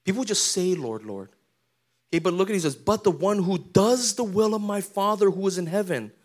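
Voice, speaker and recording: High-voiced pastor preaching casually. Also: male voice, animated, a little fast. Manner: casual conversational preaching, slangy asides; asks the congregation questions. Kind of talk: sermon.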